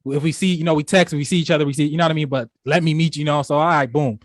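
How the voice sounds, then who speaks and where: A young man with a fairly high voice tells a story on a casual podcast. He rambles and restarts often, leaning on filler phrases as he goes. The sound is dry and close. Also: steady tone, rapid-fire, no room sound. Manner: rambling, full of "you know" and restarts. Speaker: podcast co-host.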